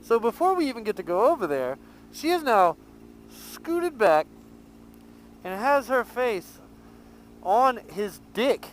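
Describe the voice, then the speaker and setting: Riding his motorcycle outdoors, a motovlogger tells a profane hotel story for a casual vlog, captured on a helmet mic with slight background noise. His voice is extremely high-pitched, and he takes it slowly with frequent pauses, an animated, laughing storyteller.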